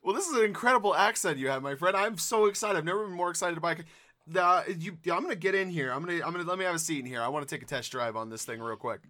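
A man playing an eager, gullible car buyer in an improvised comedy skit, excitable and quick to laugh. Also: fairly high pitch.

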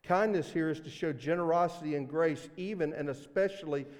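A man with a Mississippi accent preaching a sermon as pastor, earnest, swinging between loud emphasis and hushed asides. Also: on the high side, a little fast, long reverb tail. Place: church sanctuary.

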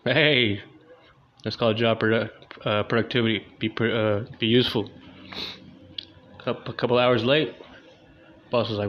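A man's voice: medium pitch, fairly even intonation, normal speed, long pauses, a little hiss or hum. A young man doing a loose, crude, slangy stand-up comedy monologue, in a dull lo-fi recording.

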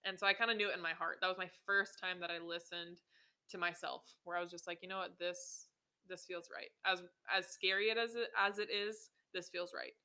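Young woman, 20s, podcast host; casual storyteller, salty language, smooth tense-bright tone. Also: on the low side, fairly even intonation, brisk. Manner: casual, swears often, many ums and likes.

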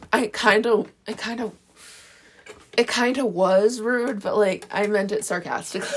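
A woman's voice: medium pitch, a little hiss or hum. Girl just rambling on her podcast, sarcastic, fixes herself a lot, phone mic. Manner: rambling, self-correcting. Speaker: podcast host. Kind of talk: casual solo podcast chat.

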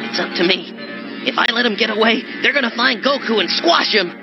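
An actor voicing a brave, desperate young fighter who pleads and shouts in a dubbed anime scene. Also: male voice, high voice, lively intonation, brisk, vocal fry. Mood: determined. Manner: pleading, shouting, near tears. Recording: dull clip with loud music.

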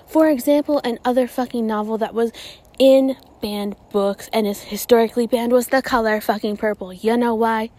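Profane, ranting young woman podcaster. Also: on the high side. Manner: profane, exasperated, animated ranting. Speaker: podcast host. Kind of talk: casual rant.

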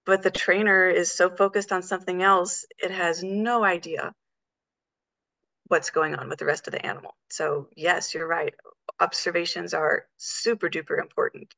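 This is a woman trainer talking on a podcast, with a bright, edgy tone sitting a little low in pitch. She explains things eagerly and acts out what she would say in each step. The sound is close-miked and dry. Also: moderate pace, creaky, dry recording, poor audio. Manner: animated, explains by talking through examples. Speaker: animal trainer guest.

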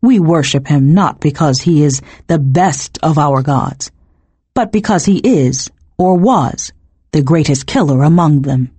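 A woman puts on a coldly measured male cult leader who clips his words for an audiobook. The voice is low, husky and dry. His pitch moves a lot while he lays out his zealous reasoning. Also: dark tone, dry recording. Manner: coldly measured, slightly clipped.

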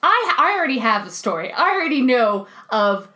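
A young woman in a studio, casually chatting as a podcast co-host, animated and quick to laugh as she acts out what people said. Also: high voice. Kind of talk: casual chat, storytelling. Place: recording studio.

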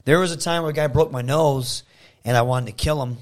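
A man from Michigan talking as a guest on an interview show, telling casual stories in an animated way. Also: medium pitch, a little fast. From Saginaw, Michigan, USA. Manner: animated, acts out quotes in a raised voice. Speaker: guest, professional wrestler.

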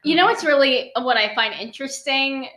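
A woman's voice: high voice, pushed and bright. A woman, a lactation consultant co-hosting a podcast, chatting in a bubbly, jokey way. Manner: bubbly and jokey, quick laughs. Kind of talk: casual chat.

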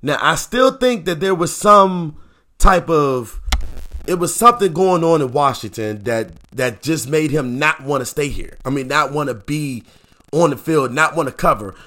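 Animated man hosting a sports talk show. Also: a little high, normal speed. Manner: animated, repetitive, rhetorical questions. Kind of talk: casual sports opinion talk.

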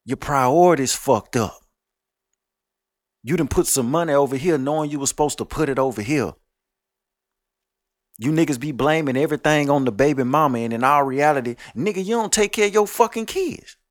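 A man's voice: a little high, animated, moderate pace, no room sound, studio quality. Profane scolding podcast host, man. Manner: blunt, profane, scolding, preachy. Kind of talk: ranting monologue.

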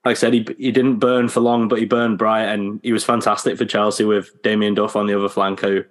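A man guesting on a casual podcast who explains his pick in a measured and thoughtful way. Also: fairly low pitch, little pitch movement.

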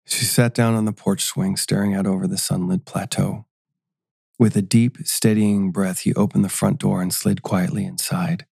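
A man narrates a scripted story at a measured storytelling pace. His voice is low and gravelly with a dark, mellow tone. The recording is dry and close. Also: level tone, no room sound.

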